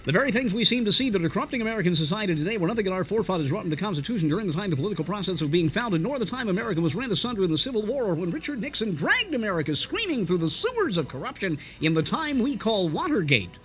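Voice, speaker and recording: A man's voice: high-pitched, very animated, a bit bright. A man imitating a male radio preacher with a theatrical, stretched rubber-band delivery, recorded in a restaurant. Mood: preachy. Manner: stretched rubber-band intonation, drawn-out words.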